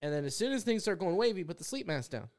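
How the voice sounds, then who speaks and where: Man, comedian, high voice, smooth and clear, profane animated storytelling, casual podcast chat. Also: fast talker. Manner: animated, profane storyteller who acts out other people's lines. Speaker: stand-up comedian guest.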